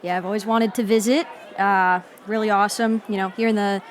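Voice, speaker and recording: Deadpan, awkward woman standup comic. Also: mid-range voice, a little hiss or hum. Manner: deliberately awkward, deadpan, faltering. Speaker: standup comedian. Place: comedy club stage.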